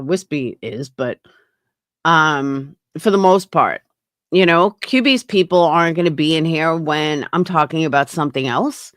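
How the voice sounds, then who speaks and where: A woman's voice: on the low side, fairly bright tone, no echo, studio quality. A woman hosting a casual livestream, talking bluntly with frequent swearing and answering her chat. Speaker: livestream host.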